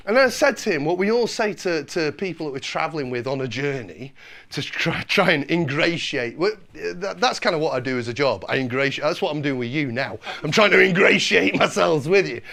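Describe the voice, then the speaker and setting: Scottish man, stand-up comic, wry, gravelly voice, lively pitch. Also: brisk, slight background noise. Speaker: stand-up comedian. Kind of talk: stand-up comedy. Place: small comedy club.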